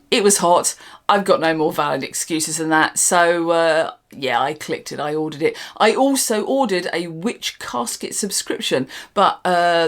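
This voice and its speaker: An older woman, hosting an unscripted casual product review in a rambling, dry and sarcastic way. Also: fairly low pitch. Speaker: channel host reviewing products.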